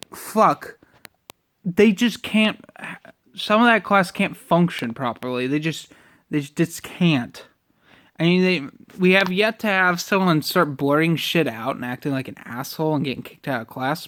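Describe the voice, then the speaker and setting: A young man in his twenties vents on camera in an irritated, profane ramble. His voice sits a little high for a man, and he complains freely with constant swearing. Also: fairly bright tone. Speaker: vlogger. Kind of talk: casual ranting vlog.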